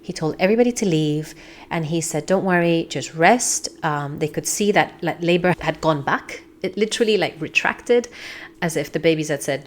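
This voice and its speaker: Low-voiced woman telling a personal story. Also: lively intonation, a little fast. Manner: earnest, reflective, drops into soft whispers when quoting her own thoughts. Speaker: podcast host telling her birth story.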